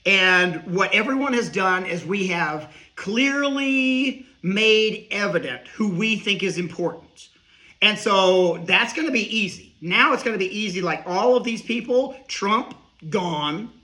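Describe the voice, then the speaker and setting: A middle-aged man doing a rambling comedic monologue, riffing with quick asides. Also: high-pitched, pushed and bright. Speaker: comedian and speaker.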